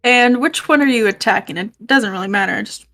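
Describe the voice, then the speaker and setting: A woman running a tabletop game as game master, pausing to check her notes as she talks. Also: on the high side, fairly bright tone. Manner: stop-start, checking notes aloud.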